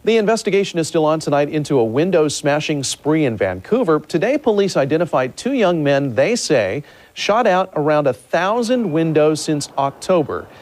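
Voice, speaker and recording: A male news anchor reading scripted news stories in a steady, measured way. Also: on the high side.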